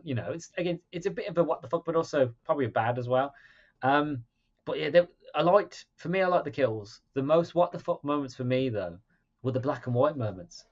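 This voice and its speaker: Male co-host, casual chat, animated retelling, slightly dull lo-fi sound. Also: on the high side, brisk. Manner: animated, acts out scenes in quoted voices. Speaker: podcast co-host.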